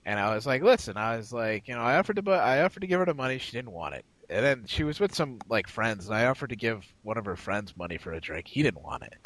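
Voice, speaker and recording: A podcast co-host with a medium-pitched, slightly bright voice talks fast and very animatedly, barely pausing, on a rough recording. In casual chat he spins a rambling, profane story, acting out the other people in it with quoted voices.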